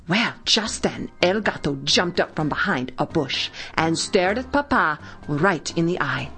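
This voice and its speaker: Lively woman reading a children's story. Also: fairly low pitch, unhurried, few pauses, soft background music. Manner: lively, expressive read-aloud.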